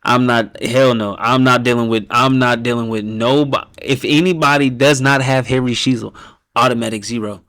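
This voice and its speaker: A man hosting a casual reaction stream who rates viewers' team picks, talking bluntly and with lots of swearing, laughing often and dropping to a low mumble when he reads out names. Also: fairly even intonation, moderate pace, a bit bright, no echo, clean studio sound. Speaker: host reacting to viewers' fan-picked football teams.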